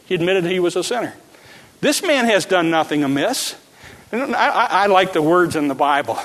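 A male preacher delivers a sermon, hammering his phrases again and again and swinging from hushed lines to shouts. His voice is bright and somewhat high. A long hall reverb trails after his words. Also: animated, moderate pace. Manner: repetitive, emphatic, swings from quiet to shouting.

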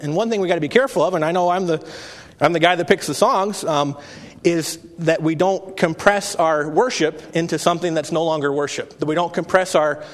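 Earnest preacher in a reverberant church. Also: male voice, a little high. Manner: conversational, earnest, with frequent restarts. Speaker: pastor. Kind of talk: sermon. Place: church sanctuary. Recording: long reverb of a hall.

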